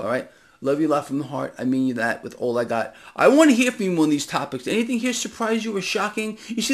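A man delivering an impassioned monologue to his vlog audience, swinging between loud outbursts and hushed asides. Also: on the high side. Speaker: financial commentary vlogger. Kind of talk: direct-to-camera ranting monologue.

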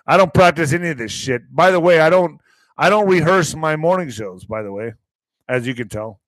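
A man's voice: a little high, expressive, fairly quick, no echo, poor audio. A man hosting his morning show, rambling casually and profanely while reading news aloud with stumbles.

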